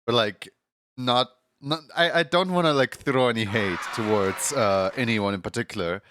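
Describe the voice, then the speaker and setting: A man's voice: medium pitch, moderate pace, background noise. A man streaming right after waking up, talking in a groggy morning voice, rambling casually with many fillers and frequent laughs.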